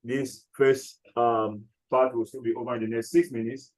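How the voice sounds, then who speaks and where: Male chemistry teacher, mid-pitched, patient dictation style, roomy classroom sound. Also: flat delivery, a little mellow. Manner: repeats key phrases slowly, checks understanding often.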